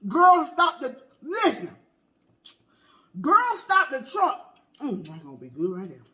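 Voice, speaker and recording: A performer playing a loud, gossipy middle-aged auntie in a comedy skit, telling a story while eating. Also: high voice, heavily acted. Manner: animated, talks between bites of food; exclamatory, drawn-out "baby", "child", "honey". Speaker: comedy mukbang character.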